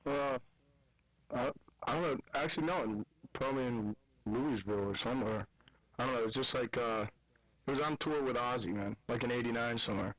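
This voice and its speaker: A man's voice: medium pitch, a little fast, a bit bright, no room sound, poor audio. Male guest musician, Southern US accent, loose and rambling, filler-heavy talk. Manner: loose, rambling, laid-back with lots of fillers. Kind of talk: casual on-air interview.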